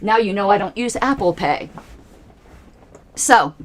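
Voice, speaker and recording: A woman's voice: mid-range voice, expressive, unhurried, a little hiss or hum. A woman hosting a livestream, giving angry, emphatic political commentary with pointed repetitions. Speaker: livestream host.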